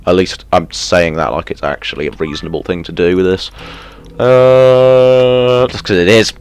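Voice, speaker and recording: A man playing a video game and commenting as he goes, muttering to himself, then bursting into yelps and shouts of excitement. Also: sits low, normal speed, clear, resonant tone. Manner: excitable, self-mocking, sudden yelps and mutters. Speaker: gaming streamer. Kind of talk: let's play commentary.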